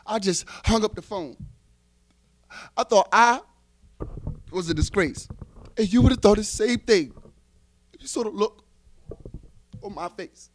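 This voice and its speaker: A man performing spoken-word poetry on a live slam stage, dramatic and swinging from hushed to loud. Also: high-pitched, unhurried, pauses often. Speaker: slam poet.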